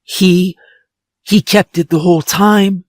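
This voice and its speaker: A man's voice: sits high, steady tone, slow pace, no room sound, clean studio sound, voice pushed up. A man voicing a frightened teenage boy who stammers and pleads, in a storybook reading. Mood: frightened pleading.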